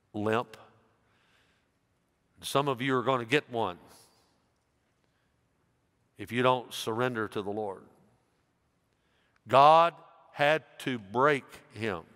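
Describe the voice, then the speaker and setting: A man's voice: medium pitch, takes it slowly, pauses often. Preaching older man in echoing hall. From United States. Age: 60s. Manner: emphatic preaching, dropping soft then rising loud. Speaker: pastor. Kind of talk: sermon. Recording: long reverb of a church hall.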